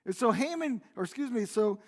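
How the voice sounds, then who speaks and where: A man with a high voice preaching in a church sanctuary, his words trailing off into a long hall reverb. He tells the story like a casual conversation, often restarting and repeating words as he goes. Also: expressive, a little fast. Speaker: pastor. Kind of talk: sermon retelling a Bible story.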